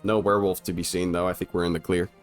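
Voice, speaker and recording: A man's voice: deep voice, level tone, quick pace, soft background music. A young man giving casual, comedic commentary over an old film, irreverent and profane, laughing often.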